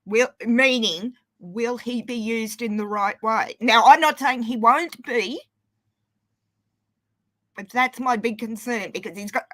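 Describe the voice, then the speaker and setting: A woman calls in to a livestream and chats casually. Her voice is slightly high, she hesitates often with fillers, and the sound is dry. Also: slow, fairly bright tone, no echo. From Australia. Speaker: caller on a livestream. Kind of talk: casual chat.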